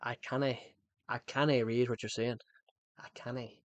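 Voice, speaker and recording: A man's voice: medium pitch, level tone, moderate pace, no echo, natural voice. A young man joking around on a stream by putting on an exaggerated Scottish accent. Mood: playful. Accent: put-on Scottish. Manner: exaggerated, jokey.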